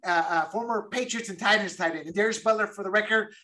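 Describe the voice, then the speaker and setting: A man's voice: high voice, quick pace, sharp tone. A man co-hosting a podcast, chatting casually and emphatically about football and repeating words as he goes. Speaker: podcast co-host. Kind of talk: casual sports chat.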